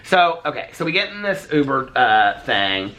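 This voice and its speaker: A man casually telling a story on his vlog, chatty and animated, acting out the dialogue as he goes. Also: medium pitch, moderate pace. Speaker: vlogger.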